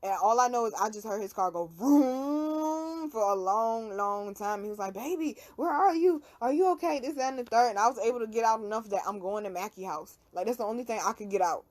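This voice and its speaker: A young woman hosting a casual talk show, telling a story in an animated, slangy, profane way. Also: medium pitch, a little fast. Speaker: podcast host.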